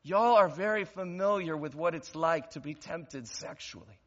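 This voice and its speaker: A male pastor delivering a sermon, asking rhetorical questions and building to loud, emphatic stretches. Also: on the high side, normal speed. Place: church sanctuary. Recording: long reverb, dull lo-fi church recording.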